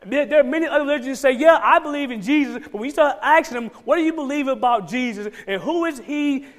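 A man's voice: very high-pitched, quick pace. A man with a Georgia Southern accent preaching a sermon as pastor, emphatic and repeating key phrases for stress.

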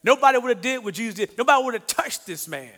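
A man preaches an animated sermon in a high, bright voice. He asks his listeners questions and acts out the voices he quotes. A long hall reverb trails behind every phrase. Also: fast talker. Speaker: pastor.

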